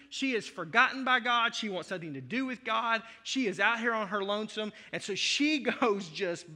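A male pastor preaching in a high, very bright, sharp voice. He is emphatic and conversational, slipping in playful asides, and his words echo with the long reverb of a large hall. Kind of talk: sermon.

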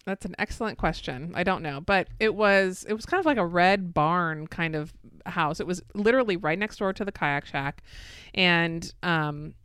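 A woman's voice: moderate pace, smooth, dry recording, clean studio sound. A woman co-hosting a podcast, telling a story casually with laughs and acted-out quotes. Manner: animated, laughing, acts out quotes in a high voice. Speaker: podcast co-host.

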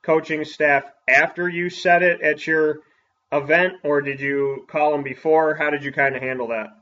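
A man who is a sports broadcaster, reading an upbeat ad spot and then asking quick interview questions. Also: on the high side, steady tone, sharp tone, highs cut off.

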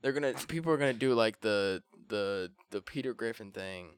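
A man's voice: on the low side, normal speed, smooth, dry recording, studio quality. A man co-hosting a podcast, bantering in a crude, joking way. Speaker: podcast co-host. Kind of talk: casual chat.

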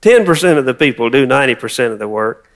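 A man's voice: medium pitch, lively intonation, fast. A man preaching a sermon, reading scripture and prompting the congregation to repeat words. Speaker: pastor.

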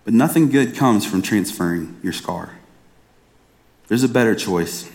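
A man's voice: fairly low pitch, animated, a little slow, a little mellow. A man in his thirties preaching a sermon as a pastor, telling a personal story in an earnest, conversational way and often restarting his phrases. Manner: earnest, conversational storytelling with frequent repeated starts.

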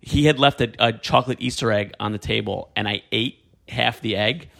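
A man telling personal stories in a casual conversation, animated and laughing as he talks. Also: fairly low pitch, normal speed, vocal fry. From New York. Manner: animated storyteller, laughs mid-sentence.

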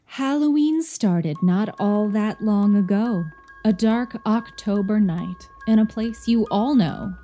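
A woman reads a rhyming spooky poem aloud in an unhurried, playful storytelling voice. Her pitch sits in a middle range, and she lets each line land. Soft chiming music plays quietly beneath her. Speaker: poem reader.

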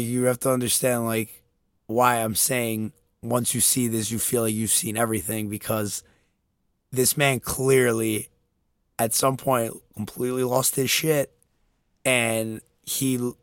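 A man's voice: medium pitch, no room sound, clean studio sound. A young man in casual chat, telling a story animatedly with lots of fillers and laughter. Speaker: podcast co-host.

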